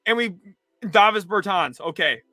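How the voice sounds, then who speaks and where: A young man hosting a sports livestream, reacting in an exasperated rant that swings between loud outbursts and low mutters. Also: animated, normal speed, no room sound, faint music behind. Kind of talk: live reaction commentary.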